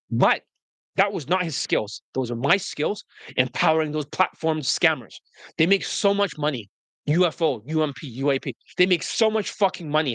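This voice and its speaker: A man, a dating coach, delivering a profane, combative monologue that mixes a sales pitch with attacks on rival coaches. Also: a bit bright, no room sound. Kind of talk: ranting monologue.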